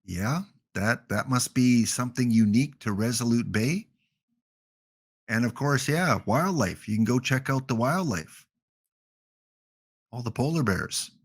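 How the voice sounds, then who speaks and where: A man's voice: mid-range voice, expressive, unhurried, pauses often, slightly rough. A man with a Canadian accent hosting a gaming livestream, chatting casually with jokey, rambling asides.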